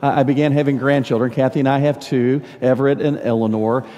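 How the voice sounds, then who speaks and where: An older man preaching a sermon as pastor, telling stories in a warm, halting way and repeating words as he searches for them. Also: mid-range voice, fairly even intonation. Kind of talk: sermon with storytelling. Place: large church sanctuary. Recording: long church reverb.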